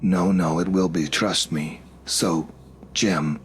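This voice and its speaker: A man's voice: sits low, steady tone, slow pace, slight background noise. A man voicing an anxious, bewildered young man who stammers in disbelief. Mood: distressed. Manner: stammering, incredulous.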